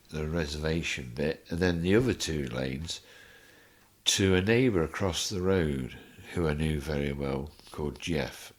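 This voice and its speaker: An older man, a guest telling an animated story and acting out the voices in it. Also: a bass voice. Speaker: interview guest. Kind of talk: anecdotal storytelling.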